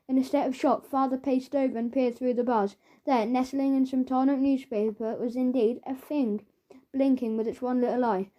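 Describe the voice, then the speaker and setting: A woman's voice: high-pitched, fairly quick, lo-fi sound. Playful woman narrating a kids' audiobook. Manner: playful, expressive.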